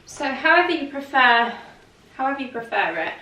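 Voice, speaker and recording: A woman's voice: high voice, big pitch swings, normal speed, pushed and bright, a little hiss or hum. A woman vlogger in a casual try-on chat, rambling and full of fillers, sounding congested from hay fever. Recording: roomy echo, mic at a distance.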